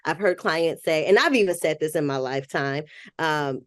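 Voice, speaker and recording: A woman's voice: low-pitched, very animated, normal speed, no echo, clean studio sound. A woman therapist in a podcast conversation, talking in a reflective way and thinking aloud as she goes. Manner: reflective, thinks aloud with restarts and soft laughs.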